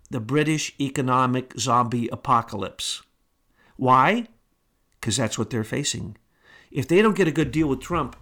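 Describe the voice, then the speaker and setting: A man's voice: mid-range voice, fairly bright tone. A man hosting a talk show, delivering an emphatic, indignant monologue full of rhetorical questions.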